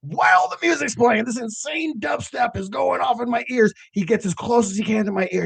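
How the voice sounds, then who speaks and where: A man's voice: very high-pitched, expressive, fairly quick, vocal fry, hardly any pauses, breathy edge, no room sound. A man hosting a late-night cannabis show, telling stories in a loose, rambling way with lots of fillers and the odd swear word. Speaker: host of a cannabis growing show.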